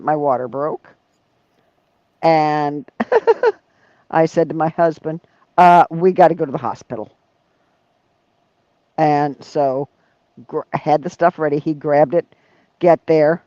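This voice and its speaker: A woman hosting a casual chat, telling stories in an animated way and laughing often. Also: low voice, takes it slowly, pauses often, dry recording, dull audio. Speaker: leatherwork channel host.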